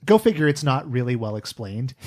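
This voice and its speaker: A man co-hosting a casual podcast, recapping a cartoon with animated, laughing, profane asides. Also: medium pitch, a little fast. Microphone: studio podcast mic.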